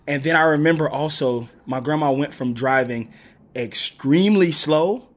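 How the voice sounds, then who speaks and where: A man's voice: on the high side, moderate pace. A man in his thirties from the Gulf Coast South, telling stories as a podcast guest and acting out what people said. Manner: animated storyteller, acts out quotes. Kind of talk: casual storytelling interview.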